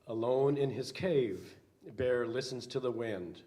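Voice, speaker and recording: Slow-paced older male minister reading aloud. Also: mid-range voice, mellow. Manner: slow, unhurried storytelling with hesitant fillers. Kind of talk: reading a children's story aloud.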